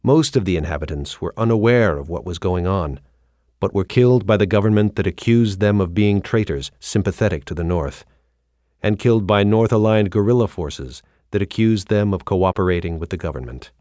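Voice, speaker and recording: A man reading a scripted documentary narration in a solemn, measured way. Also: low voice, a little mellow, no echo, clean studio sound.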